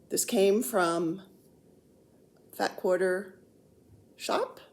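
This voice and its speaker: A woman's voice: on the low side, vocal fry, darkish tone, slight background noise. A woman in her sixties chatting casually as a cross-stitch vlogger, rambling and joking while seated on the floor at home. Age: 60s. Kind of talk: casual chat.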